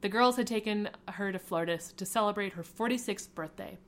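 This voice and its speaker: A woman's voice: mid-range voice, a little fast. A woman hosting a podcast, casually reading fan fiction aloud and often laughing or stopping to comment.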